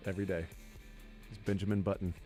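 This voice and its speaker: A man's voice: low voice, quick pace, soft background music. A man hosting a sports radio show, bantering and joking with his co-hosts. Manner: joking, animated, laughs often.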